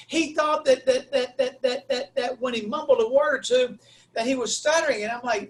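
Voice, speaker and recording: A university instructor speaking as a webinar guest, telling a story with animated, acted-out dialogue. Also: male voice, sits high, moderate pace. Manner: animated, acts out dialogue in a raised voice. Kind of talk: storytelling talk.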